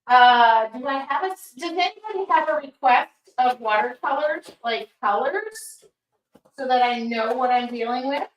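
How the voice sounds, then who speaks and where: A woman's voice: high voice, expressive, normal speed, far from the mic, muffled recording. A woman hosting a live art demo, chatting casually and reading viewer comments aloud as she paints. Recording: roomy sound, voice somewhat off-mic.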